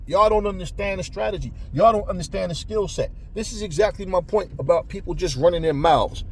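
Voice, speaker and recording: This boxing commentator has a high-pitched male voice and speaks briskly with few pauses, amid slight background noise. His monologue to viewers is a heated, profane boxing rant full of stumbles and repeated words.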